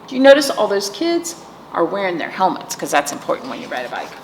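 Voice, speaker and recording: A woman's voice: medium pitch, sing-song, quick pace. A woman children's librarian reading a picture book aloud, playful and asking children questions. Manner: warm, playful, asks kids questions. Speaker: children's librarian, storytime host. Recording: reverberant room, faint noise.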